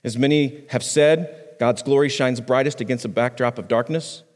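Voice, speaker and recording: A man, a pastor, preaching a sermon on a microphone in a conversational way, restarting phrases and swinging his pitch up and down for emphasis. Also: normal speed, long reverb tail. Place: church sanctuary.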